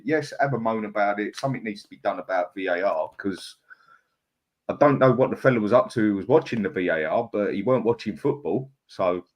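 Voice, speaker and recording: A man, a panelist on a fan podcast, talking bluntly and laughing often. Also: on the low side. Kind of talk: casual chat.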